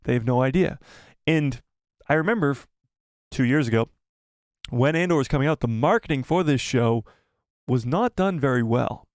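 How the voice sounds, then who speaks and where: A man hosting a casual live stream, excitable, swearing and reading the chat aloud. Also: mid-range voice, normal speed, long pauses, no room sound, studio quality.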